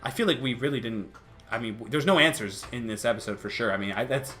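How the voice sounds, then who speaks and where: A young man hosting a casual chat, animated, tripping over restarts and laughing between points. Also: medium pitch, fast talker, music in the background. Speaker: youtube host.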